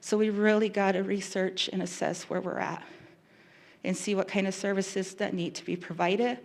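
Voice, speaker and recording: A woman who works as a victim specialist giving an earnest, emotional talk, pausing and restarting as she goes. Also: medium pitch, fairly even intonation, a little mellow. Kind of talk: public talk.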